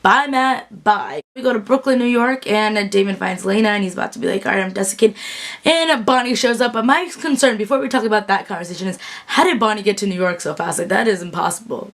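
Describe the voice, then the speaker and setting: A woman's voice: mid-range voice, quick pace. A young woman casually recapping a TV episode, chatty and bubbly with lots of fillers, acting out characters' quotes. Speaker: TV recap vlogger. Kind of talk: casual chat.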